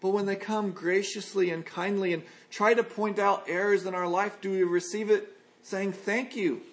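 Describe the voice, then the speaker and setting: A man preaching an expository sermon as a pastor, earnest and measured, in a conversational tone. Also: high-pitched, little pitch movement.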